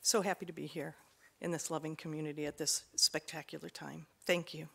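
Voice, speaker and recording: A woman serving as board president gives halting welcoming remarks at a service, her voice shaky with emotion. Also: low voice, level tone, vocal fry, sharp tone, slight background noise. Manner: halting, with many pauses and fillers.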